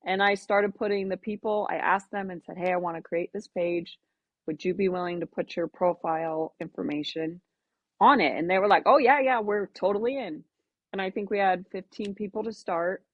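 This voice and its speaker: A lower-pitched woman speaks in casual interview chat, earnest and reflective with a halting flow. The sound is dry and close. The audio is dull and lo-fi. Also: fairly even intonation, no room sound. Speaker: podcast guest, melanoma advocate.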